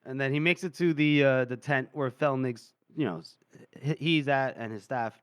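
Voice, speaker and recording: A man's voice: medium pitch, normal speed, smooth, no room sound, clean studio sound. A man co-hosting a casual book podcast, retelling scenes with lots of laughter, acted quotes and fillers. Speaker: podcast co-host.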